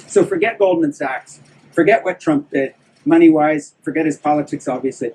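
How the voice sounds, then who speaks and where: A man's voice: fairly high pitch, normal speed, darkish tone, breathy edge, distant mic, poor audio. An older man, an author, giving a candid, self-deprecating live talk to an audience about his book. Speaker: author speaking at a book event.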